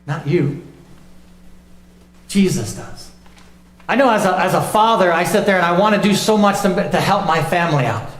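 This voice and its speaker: High-voiced pastor preaching in an echoey church. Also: male voice, moderate pace, long pauses. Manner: emphatic preaching, dropping low and soft on key lines. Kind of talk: sermon. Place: church sanctuary.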